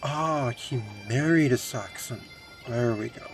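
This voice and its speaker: A man's voice: mid-range voice, unhurried, faint music behind. A man commenting on a strategy game playthrough, speaking wryly in character as his medieval ruler and reading event text aloud. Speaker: game streamer.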